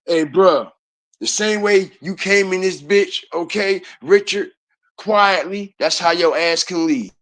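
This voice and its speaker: A man's voice: sits high, takes it slowly, a bit bright. A man hosting an online commentary video, ranting in a heated, profane way and repeating his points.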